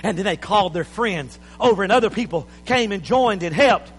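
A man preaching an impassioned sermon in a church, building to shouts. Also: high-pitched, animated, fairly quick, long reverb tail, a little hiss or hum, poor audio.

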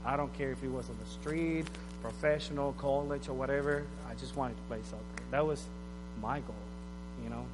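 A man's voice: mid-range voice, fairly even intonation, normal speed. A man giving a conversational, storytelling sermon. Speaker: pastor. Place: church hall. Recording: reverberant hall with mains hum.

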